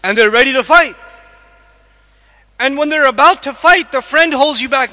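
A man giving a lively religious lecture on the Quran to a live audience, quizzing the listeners and acting out little scenes as he goes. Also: very high-pitched, moderate pace, pauses often.

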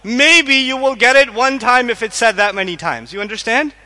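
A man giving an animated religious lecture to a live audience, questioning listeners and acting out quotes. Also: extremely high pitch, normal speed. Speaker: Islamic lecturer. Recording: echoey hall.

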